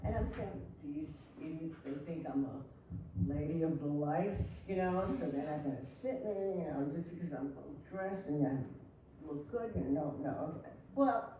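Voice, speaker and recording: An older woman tells animated anecdotes to an audience, slipping into the voices of the people she met. Her tone is warm and dark. The mic sits well away from her in a very echoey hall with a faint hiss. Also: low-pitched, normal speed, recorded from a distance, dull audio. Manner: animated anecdotes with laughter and acted quotes. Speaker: invited flamenco artist. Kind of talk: storytelling on stage.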